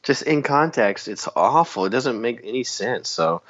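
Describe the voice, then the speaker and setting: A man's voice: medium pitch, animated, moderate pace, a bit bright. A man co-hosting a podcast in casual chat, ranting with energy and laughing often. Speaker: podcast co-host. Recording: dull lo-fi sound.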